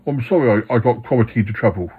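A man's voice: medium pitch, racing, husky. A man doing a stammering, sheepish yeti. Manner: stammering, apologetic. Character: sheepish, bumbling male yeti uncle. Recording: dull lo-fi sound.

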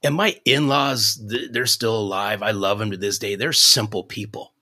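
A man in his fifties, a sales coach guest on a podcast, telling a story in an animated, folksy way. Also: fairly low pitch, normal speed. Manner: animated, restarts sentences, folksy.

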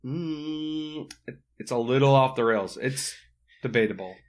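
A man's voice: medium pitch, lively intonation, unhurried. A man who performs improv comedy, a podcast guest, joking and self-deprecating as he plugs his shows. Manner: jokey, self-deprecating, easygoing. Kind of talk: casual podcast chat.

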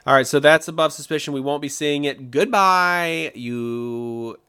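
A man's voice: a little high, little pitch movement, quick pace, fairly bright tone. A man co-hosting a podcast, chatting loosely about movie trailers with frequent restarts and fillers. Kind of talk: casual chat.

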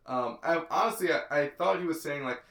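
A man co-hosting a podcast in casual movie chat, easygoing and agreeable, with drawn-out musings. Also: a little high, creaky, fairly bright tone, echoey room. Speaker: podcast co-host.

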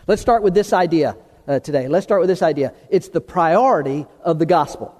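Casting: male pastor, high voice, emphatic sermon delivery, church reverb. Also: darkish tone. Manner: emphatic, repeats and restarts words, slows for key terms. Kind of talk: sermon with opening prayer. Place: church sanctuary. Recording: long hall reverb.

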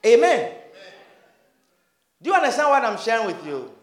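A man preaching a sermon to a congregation, animated, acting out dialogue and breaking into shouts and laughter. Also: extremely high pitch, normal speed. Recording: roomy echo.

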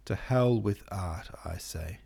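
A man's voice: deep voice, steady tone, moderate pace, mellow, no room sound. A man voicing a boisterous, carefree young man who talks bluntly. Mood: rowdy. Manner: rowdy, blunt.

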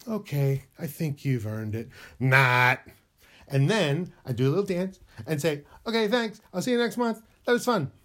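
A man hosting a podcast, rambling playfully through a rhyming self-help monologue. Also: fairly high pitch. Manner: playful, rambling, sing-song rhymes. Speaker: podcast host.

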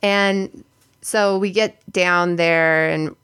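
Young woman, podcast co-host, gravelly edge, chatty storytelling, lots of "like". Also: fairly low pitch, fairly even intonation, drawn-out words, a bit bright. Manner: chatty, many "like" fillers. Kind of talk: casual chat, storytelling.

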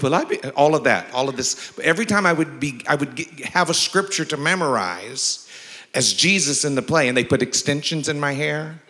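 Male pastor with a bright, forceful voice, preaching in a large church with long reverb; jokey asides and emphatic scripture. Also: medium pitch. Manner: humorous storytelling mixed with emphatic scripture reading. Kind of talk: sermon.

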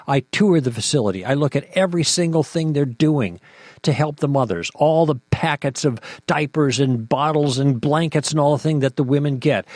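Forceful, indignant man, dry sound. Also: on the high side, no room sound. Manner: forceful, indignant, rhetorical questions. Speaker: podcast co-host. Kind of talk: impassioned apologetics talk.

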